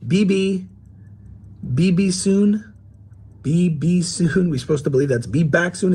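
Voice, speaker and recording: A man's voice: fairly high pitch, slightly rough, full character voice. A man playing a paranoid woman commentator in a parody sketch, talking mock-serious and theatrical with swooping emphasis.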